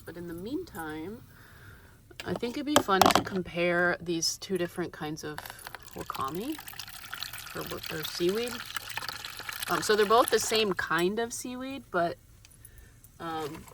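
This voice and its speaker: Casual woman vlogger with a lowish voice, has a cold, chatty and rambling, recorded in a van with faint noise. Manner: chatty, rambling with many ums and restarts. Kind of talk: casual cooking vlog. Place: inside a parked van.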